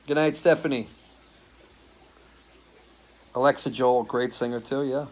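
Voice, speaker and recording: A man's voice: medium pitch, steady tone, measured pace, darkish tone, low-quality recording. A man who sings and hosts a live stream, chatting loosely with viewers, answering their comments and swearing casually. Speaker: singer hosting a live stream.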